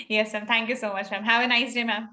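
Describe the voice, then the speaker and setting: A woman host, bright and crisp in tone. She speaks with little rise and fall. She stays polite and deferential toward her guest. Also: fairly high pitch, fairly even intonation, moderate pace. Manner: polite and deferential, keeps saying ma'am.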